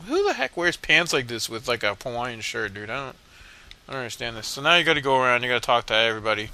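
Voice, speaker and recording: A man narrates his own game playthrough in a loose, rambling way, full of fillers and irreverent asides. His voice is bright and has some edge to it. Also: mid-range voice, very animated, fast talker. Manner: rambling, mumbling, lots of fillers; joking, irreverent. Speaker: video game commentator. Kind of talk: casual let's play commentary.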